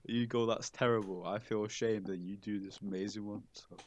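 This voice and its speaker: A man's voice: on the low side, fairly even intonation, a little fast, a little mellow, highs cut off, slight background noise. A young man with a northern English accent chatting casually, hesitant and giggly, with many fillers. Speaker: podcast co-host. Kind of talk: casual chat.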